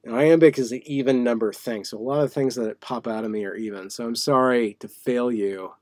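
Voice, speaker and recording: A man's voice: medium pitch, darkish tone, dry recording. Rambling man in a small dry room. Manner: rambling, playful, halting with many fillers and restarts. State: sweaty. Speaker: live stream host. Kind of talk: casual livestream monologue.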